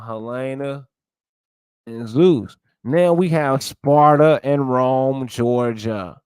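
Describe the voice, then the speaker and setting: A man's voice: medium pitch, darkish tone, no room sound. A man lecturing viewers in casual commentary, searching aloud and calling them y'all. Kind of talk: casual commentary while browsing sources.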